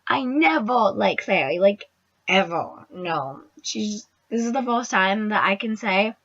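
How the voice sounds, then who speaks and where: Young woman, casual fan-review host, gushing and excitable; dry, slightly muffled home recording. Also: medium pitch, unhurried, dry recording. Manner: gushing, excitable, drops into whispers. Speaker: booktuber reviewing a TV episode. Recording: dry, dull lo-fi sound.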